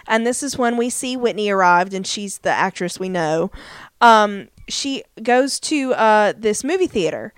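A woman's voice: mid-range voice, lively intonation, a little slow, smooth, no room sound. A woman co-hosting a podcast, chatting casually as she recaps a TV episode with lots of fillers. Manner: chatty, many fillers, acts out quotes. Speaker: podcast co-host.

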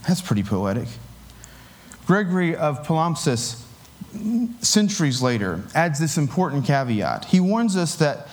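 A preacher delivers a sermon in a casual, talky manner, tossing in filler words and easy chuckles. His voice sits a bit higher than most men's, with big pitch swings and a measured pace.

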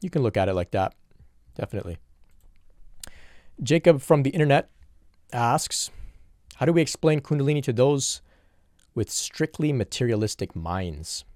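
A man's voice: medium pitch, animated, normal speed, pauses often, darkish tone, dry recording, studio quality. A man in an earnest, reflective solo question-and-answer talk, working through spiritual questions from viewers.

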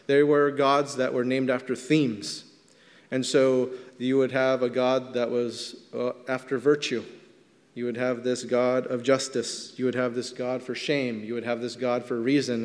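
Male pastor, mid-pitched voice, relaxed teaching sermon, long echo from a big hall. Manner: conversational teaching, stretches words for emphasis.

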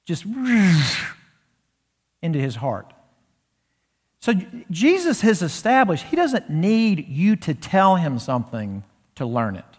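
A man preaching an expository sermon in a church, lively and slowing his delivery to stress key points. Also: a little high, slightly rough. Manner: animated expository preaching, slows down for emphasis. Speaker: pastor. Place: church sanctuary. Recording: long reverb of a church hall.

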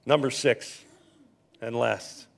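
A man's voice: medium pitch, slow pace, creaky. A man preaching a sermon, teaching from scripture in a conversational way with personal stories and some stumbling restarts. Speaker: pastor.

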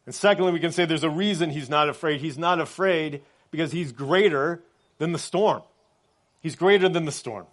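A man preaching a sermon in a conversational way, often checking in with his listeners and dropping soft and quiet on reflective points. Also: on the high side, normal speed. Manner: conversational, often adds "right?" as a tag. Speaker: pastor.

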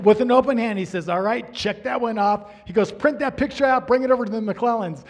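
A middle-aged man preaching, telling a personal story in an animated way and acting out the dialogue. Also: very high-pitched, a little fast, hardly any pauses. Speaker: pastor. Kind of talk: sermon storytelling.

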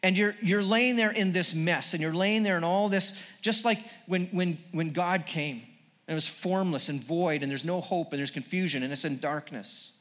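High-voiced earnest male pastor preaching. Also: normal speed, fairly bright tone, long reverb tail. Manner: earnest, repetitive restarts, building emphasis. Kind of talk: sermon.

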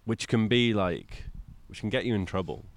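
A man's voice: fairly low pitch, lively intonation, moderate pace. A man hosting a casual chat outdoors, playful and jokey, often swooping into silly voices. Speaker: podcast host. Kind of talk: casual conversation.

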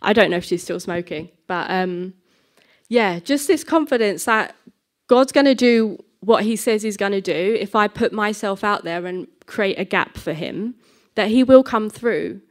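Young woman telling her testimony, acts out the back-and-forth, casual chatty delivery, mid pitch. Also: unhurried. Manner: animated, acts out both sides of dialogue. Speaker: Christian speaker sharing a testimony. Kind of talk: personal testimony storytelling.

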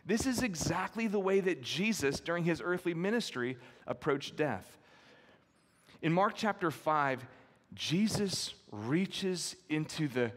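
Man preaching in a reverberant hall. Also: fairly high pitch. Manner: earnest, emphatic storytelling with repeated key phrases. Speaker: pastor. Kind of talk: expository sermon.

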